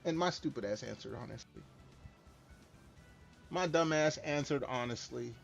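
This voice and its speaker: A man's voice: mid-range voice, moderate pace, vocal fry. A middle-aged man chatting casually while streaming a game, rambling, candid and self-deprecating. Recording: slightly dull lo-fi stream mic with faint music.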